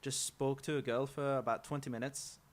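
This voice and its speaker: An English-accented man chats as a guest on a talk show. He sounds loose and playful and often pauses with little fillers. His voice sits at an ordinary middle pitch. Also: level tone. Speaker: studio guest. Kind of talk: casual talk-show chat.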